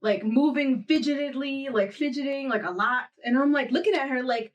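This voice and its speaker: Woman, high-pitched, podcast host, casual storytelling, animated quotes, distant mic. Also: moderate pace, dull audio. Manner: animated storyteller, acts out quotes, laughs often.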